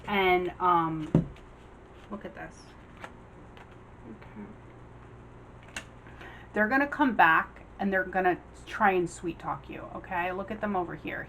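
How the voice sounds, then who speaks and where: A woman's voice: mid-range voice, lively intonation, bright, forceful tone, a little hiss or hum, rough recording. Chatty woman tarot reader. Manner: chatty, acts out the cards' figures in quick quoted voices. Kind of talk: casual general tarot reading.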